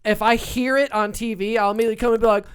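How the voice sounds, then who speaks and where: Smooth-voiced woman telling animated stories. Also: on the high side. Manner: animated storyteller, quick to act out voices. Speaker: podcast co-host. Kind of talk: casual chat.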